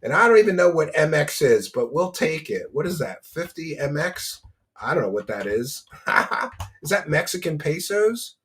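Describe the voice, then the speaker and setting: A man's voice: fairly high pitch, very animated, moderate pace, fairly bright tone. A man hosting a casual commentary stream, mocking his subject, laughing often and thanking donors by name.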